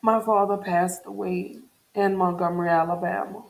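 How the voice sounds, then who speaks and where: A woman's voice: lowish voice, steady tone, normal speed, creaky. A grieving woman talks openly and earnestly to her viewers in an emotional personal check-in, repeating phrases for emphasis. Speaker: vlogger.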